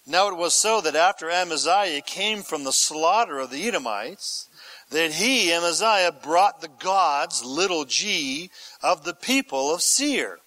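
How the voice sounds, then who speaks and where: A man's voice: on the high side, lively intonation, unhurried, pushed and bright, poor audio. A male pastor preaching an expository sermon, reading scripture aloud and then asking the listeners questions in a conversational way.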